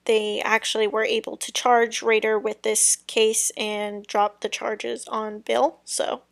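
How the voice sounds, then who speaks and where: A young woman recounts a true-crime case on her podcast, slow and halting, with lots of ums and half-finished thoughts. Her voice sits a little high and often drops into a gravelly fry. The recording is close and dry. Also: level tone, no room sound. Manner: rambling, hesitant, many ums and trailing sentences. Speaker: podcast host.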